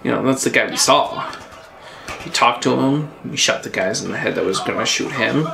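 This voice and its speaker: A man's voice: medium pitch, moderate pace, gravelly. A young man commenting on a friend's gameplay, jokey and swearing freely. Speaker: co-host of a gameplay video. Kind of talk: casual let's play banter. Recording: roomy echo.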